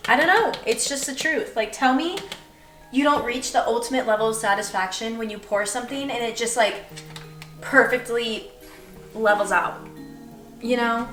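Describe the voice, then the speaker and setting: A woman's voice: on the high side, normal speed, a bit bright, faint music behind. A young woman chatting casually and self-deprecatingly while she bakes in her kitchen, rambling as she goes. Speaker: vlogger. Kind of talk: casual baking vlog chat. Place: home kitchen. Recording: roomy kitchen, mic at a distance.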